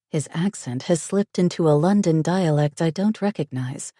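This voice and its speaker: Female audiobook narrator: low, unhurried, breathy and intimate, dry close sound. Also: warm tone, dry recording. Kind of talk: first-person romance audiobook narration.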